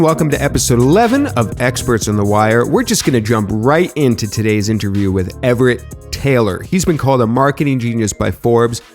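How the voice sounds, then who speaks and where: Male podcast host, mid-pitched, upbeat, faint music underneath. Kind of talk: podcast interview.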